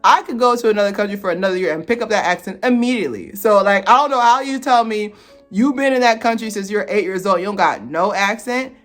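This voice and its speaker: A woman giving a casual movie review vlog, animated and slangy, laughing as she talks. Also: mid-range voice, fast talker, faint music behind.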